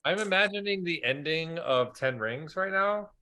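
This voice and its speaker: A man playing a tabletop game, measured and dry as he explains. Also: a little high, lively intonation, bright, forceful tone. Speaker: player. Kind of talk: casual tabletop play.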